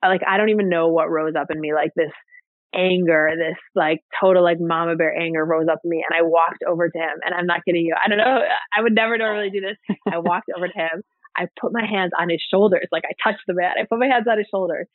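A woman's voice: lowish voice, steady tone, quick pace, no room sound. A woman guest telling a personal story in a casual interview, chatty and full of "like" and "you know.". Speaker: podcast guest. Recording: tinny phone-like line, dry.

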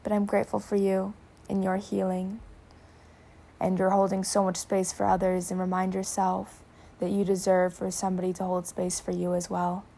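A woman guiding a meditation, speaking slowly and softly, often slipping into a whisper. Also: medium pitch, creaky. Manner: slow, soft-spoken, drifting into whispers; warm spiritual affirmations. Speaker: meditation guide. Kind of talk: guided meditation.

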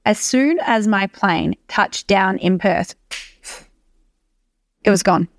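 A woman's voice: mid-range voice, takes it slowly, vocal fry, no echo, studio quality. A young Australian woman hosting a solo podcast, talking energetically and emphatically and swearing freely. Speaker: podcast host. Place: beach hut.

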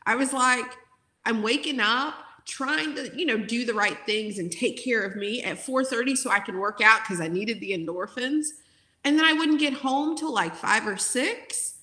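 A woman's voice: a little high, normal speed, bright, forceful tone, reverberant. A woman in her forties, a former teacher, talking in an interview in an outspoken, emotional way with many fillers. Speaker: guest, former teacher turned content creator.

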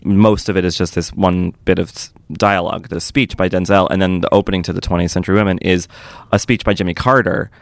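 Male podcast co-host, lower register, dry studio sound, chatty and excitable. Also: quick pace, creaky, few pauses, no room sound. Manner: chatty, enthusiastic, many fillers and restarts. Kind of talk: casual film chat.

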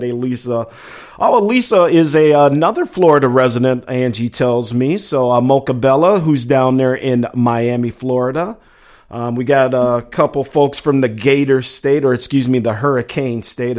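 Laid-back chatty male talk host. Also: medium pitch. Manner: loose and chatty, trails off quietly, then livens up for segment intros. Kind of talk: casual live show reading the chat.

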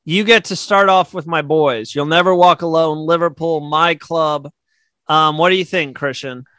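A podcast co-host with a fairly high voice chats casually, easygoing and quick to laugh, often restarting his sentences. His tone is steady, pushed and bright at a moderate pace. The sound is close and dry, with no room around it.

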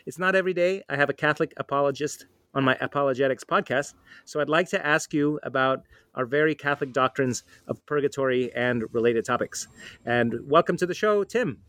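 A man's voice: mid-range voice, fairly quick, a bit bright, dry recording. Friendly man hosting a podcast. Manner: friendly, thoughtful, with fillers. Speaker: podcast host. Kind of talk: casual interview chat.

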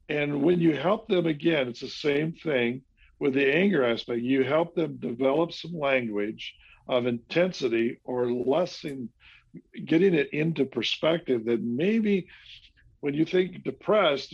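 A man's voice: a little high, unhurried, creaky, breathy edge, dull audio. A man talking in a casual discussion who often adds short agreements and acts out how a client speaks.

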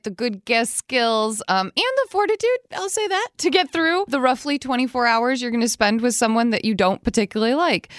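A woman's voice: mid-range voice, dry recording, studio quality. A woman co-hosting an advice show in casual, chatty talk, laughing and acting out lines she imagines saying. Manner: chatty, animated, laughs often, acts out quoted lines. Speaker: advice podcast co-host.

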